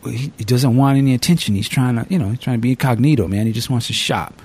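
A man hosting a casual podcast, spinning stories with lively energy and dropping curse words without a second thought. His voice sits at an everyday middle pitch, and his delivery stays loose and conversational. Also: fast, slightly rough. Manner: animated storyteller, swears freely. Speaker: podcast host.

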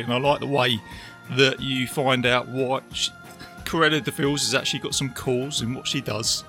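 A man's voice: medium pitch, steady tone, moderate pace, bright, forceful tone, soft background music. An English man hosting a podcast, chatting casually and laughing easily. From England. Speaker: podcast host. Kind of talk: casual chat.

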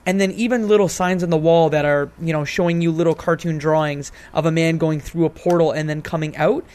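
A man with a somewhat high speaking voice chats casually on a gaming podcast. He rambles, restarts sentences and leans on fillers. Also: steady tone, brisk, darkish tone. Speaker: podcast co-host. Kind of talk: casual game discussion.

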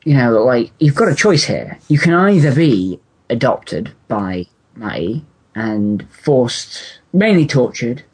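Male co-host, husky tone, deadpan comic delivery. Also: mid-range voice, takes it slowly. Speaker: podcast co-host. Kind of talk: casual comedic banter.

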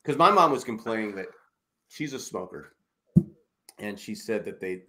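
Lively, profane man in his sixties. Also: lowish voice, moderate pace. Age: 60s. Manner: animated, swears freely, quotes people in raised voice. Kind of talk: casual chat.

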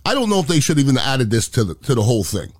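A man's voice: mid-range voice, very animated, quick pace, no echo, studio quality. A middle-aged man hosting a podcast, giving a blunt, impassioned opinion monologue. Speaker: podcast host.

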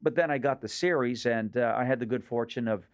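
A man's voice: mid-range voice, a little fast, clear, resonant tone. A man in his fifties from Nova Scotia, a comedian telling rambling, joke-filled stories as a radio guest. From Nova Scotia, Canada. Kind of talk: casual radio interview.

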